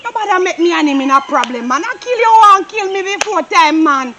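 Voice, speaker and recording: A woman with a Jamaican accent acting a frantic young woman torn between two men, pleading, tearful and at times shouting. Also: very high voice, expressive, a little fast, noisy background. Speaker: actor in a Jamaican drama. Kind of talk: low-budget drama acting.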